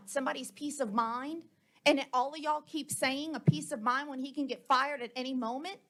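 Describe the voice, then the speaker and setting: A woman's voice: sits high, steady tone, normal speed, fairly bright tone. A woman, speaking at a board meeting. She argues in a heated, confrontational way, hammering the same points again and again into a table microphone. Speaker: school board member. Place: public board meeting room.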